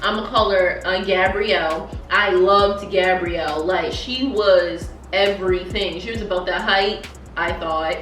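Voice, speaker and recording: A young woman telling a story on her vlog while eating, in an animated, slangy, emphatic way. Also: lowish voice, measured pace, echoey room, distant mic, soft background music, low-quality recording. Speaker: vlogger.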